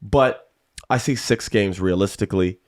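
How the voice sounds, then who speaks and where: A man with a somewhat low voice, chatting loosely as a sports podcast host. He rambles easily from point to point in a laid-back, unhurried way. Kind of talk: casual sports chat.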